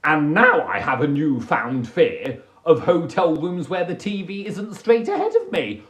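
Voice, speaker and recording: A man hosting a casual livestream, telling stories in an animated, theatrical way on a phone microphone. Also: fairly high pitch, unhurried. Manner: animated, theatrical storytelling with put-on voices. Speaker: livestream host.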